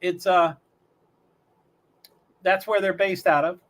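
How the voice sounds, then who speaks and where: A man's voice: sits high, flat delivery, slow, fairly bright tone. A man hosting a livestream, chatting casually and rambling as he thinks aloud while watching a race. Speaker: livestream host. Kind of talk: casual commentary.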